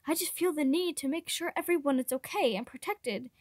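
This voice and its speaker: A woman reading aloud and voicing a gentle, protective young prince who speaks reassuringly. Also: high voice, a little fast, no room sound, clean studio sound, close to an everyday voice.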